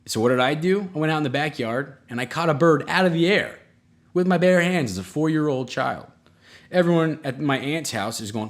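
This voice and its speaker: A man hosting a comedy podcast, telling self-mocking stories in a rambling way, with sudden jumps in pitch. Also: expressive, brisk. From United States. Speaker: podcast host. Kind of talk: comedic solo monologue.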